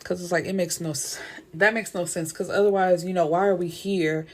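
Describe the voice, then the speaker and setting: Lowish-voiced woman recapping a book bluntly. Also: a little fast. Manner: blunt, slangy, animated commentary. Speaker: book reviewer.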